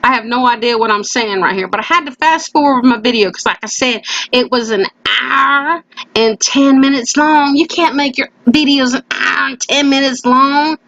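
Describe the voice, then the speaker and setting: A woman's voice: high-pitched, normal speed, sharp tone, no room sound, highs cut off. A woman hosting a crafting video, chatting playfully as she works and often slipping into a put-on folksy country voice. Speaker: craft channel host. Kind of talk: casual crafting voice-over. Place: at home.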